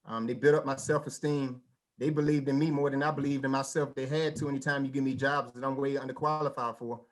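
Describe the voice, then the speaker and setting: A man performing a stand-up comedy set at a virtual show, telling stories with lively mimicked voices and casual vernacular speech. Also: medium pitch, quick pace. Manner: animated storytelling with mimicked voices.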